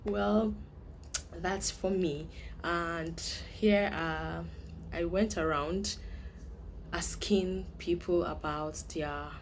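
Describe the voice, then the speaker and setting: A woman's voice: lowish voice, steady tone, drawn-out words, slight background noise. A young woman from Nigeria, chatting playfully to camera and laughing often. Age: young adult. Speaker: vlogger. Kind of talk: casual chat to camera.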